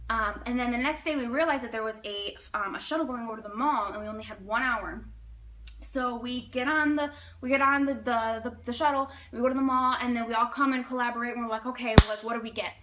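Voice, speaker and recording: Speaking at a quick pace, a young woman in her twenties dramatically tells a casual story about herself. Her high, bright voice is animated, and she says "like" constantly.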